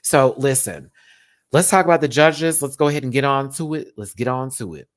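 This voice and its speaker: Animated, chatty man ranting. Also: medium pitch, a little fast. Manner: animated and chatty, swings between loud outbursts and muttered asides. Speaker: YouTube reality TV reviewer. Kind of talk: casual live-stream rant.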